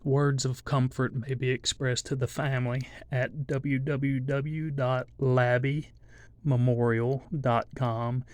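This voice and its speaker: Slow grieving man, flat delivery. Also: mid-range voice. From southeast Texas. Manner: halting, many pauses and restarts, grieving. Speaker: channel host. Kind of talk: reading an obituary to viewers.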